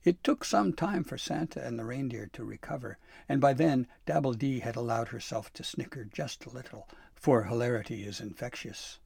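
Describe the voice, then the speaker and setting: Gravelly man reading a storybook. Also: medium pitch, moderate pace, few pauses, darkish tone, no room sound, clean studio sound. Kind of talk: storybook read-aloud.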